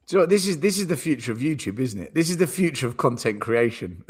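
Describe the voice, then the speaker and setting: A man co-hosting a football fan podcast, excitable and repeating himself as he jokes with the others. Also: mid-range voice, fast talker, husky. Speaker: podcast co-host. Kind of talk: casual fan podcast chat.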